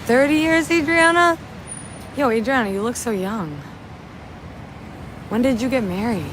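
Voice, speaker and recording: A young woman from upstate New York talks on a phone livestream while walking through a rainy city at night. She rambles and chats, and she reads out and thanks her viewers. The street noise is clear behind her voice. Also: a little high, unhurried, pauses often. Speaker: livestream host. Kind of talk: casual livestream chat.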